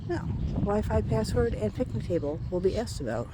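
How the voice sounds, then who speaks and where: A woman's voice: medium pitch, lively intonation, brisk. A woman vlogging on a handheld camera outdoors at a rainy campground, chatting casually and thinking aloud about what she sees. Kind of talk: casual handheld vlog narration. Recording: outdoor recording with loud wind and rain noise.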